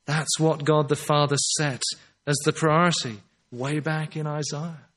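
A man's voice: a little high, flat delivery, fairly bright tone. Earnest man preaching a sermon. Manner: earnest, emphatic, slows on key phrases.

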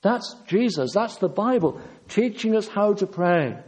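A man's voice: sits high, expressive, measured pace, darkish tone, low-quality recording. An older man preaching a sermon, earnest and emphatic, driving his points home with repetition.

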